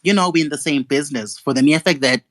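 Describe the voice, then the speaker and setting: A man's voice: a little high, fast talker, fairly bright tone, dry recording. A young man, ranting indignantly and profanely in a gossip vlog. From South Africa. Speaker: gossip vlogger. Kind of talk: angry ranting monologue.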